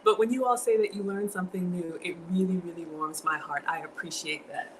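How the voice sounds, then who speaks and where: A woman's voice: lowish voice, steady tone, fairly quick, a little hiss or hum, poor audio. A woman, cooking at home on a livestream, chatting and thanking her viewers. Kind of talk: casual livestream cooking chat. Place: home kitchen.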